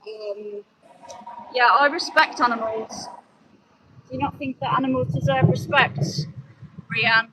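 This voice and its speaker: Young midlands woman livestreaming outside on her phone, high voice, cars going by loud. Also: fairly even intonation, measured pace, long pauses. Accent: English Midlands. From English Midlands. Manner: chatty, answers viewer comments, earnest when preaching. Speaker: animal rights activist livestreamer. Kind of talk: casual livestream chat. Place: outdoors by a road. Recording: loud outdoor traffic noise.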